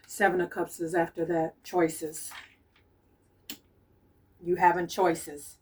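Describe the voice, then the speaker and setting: A woman reads tarot cards on camera, relaying messages as a medium. Her voice sits slightly low and she speaks softly, circling back to the same warnings again and again. She sounds a bit distant from the microphone. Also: little pitch movement, slow pace, pauses often, slightly rough. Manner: soft-spoken, repeats her urgings insistently. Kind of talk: channeled tarot reading.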